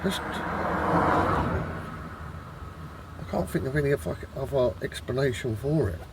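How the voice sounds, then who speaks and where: A man's voice: medium pitch, expressive, takes it slowly, very noisy. A man vlogging outdoors in a wood, rambling in an exasperated way, swearing a lot and restarting his sentences. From Britain. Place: woodland outdoors.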